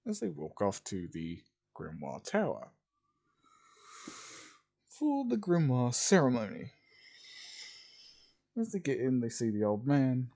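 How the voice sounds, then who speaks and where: A man's voice: mid-range voice, wildly swooping pitch, slow pace, creaky, long pauses, mellow. A man casually narrating a fan fiction story in a rambling, repetitive way. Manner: rambling, repeats "as ... would just".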